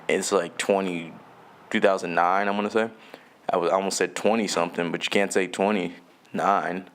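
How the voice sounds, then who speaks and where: A man's voice: low voice, little pitch movement, moderate pace, a bit bright. A young man from Jamaica hosting a solo podcast. He rambles loosely and swears a lot, laughs often and trails off mid-thought. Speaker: podcast host.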